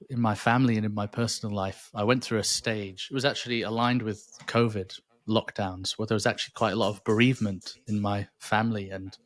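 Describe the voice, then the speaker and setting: A man's voice: fairly low pitch, no room sound. A man, a podcast guest speaking thoughtfully and earnestly about his faith, often restarting his sentences. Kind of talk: reflective faith interview.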